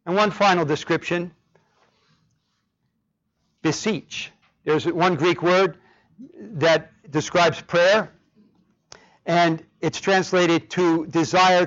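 A man preaching a sermon with passion, his voice rising to loud cries on key words. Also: a little high. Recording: dull lo-fi sound.

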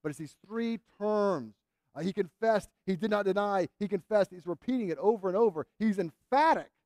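A man's voice: high voice, moderate pace, darkish tone, no echo, studio quality. A man preaching a sermon in an earnest, emphatic way, repeating phrases to drive points home.

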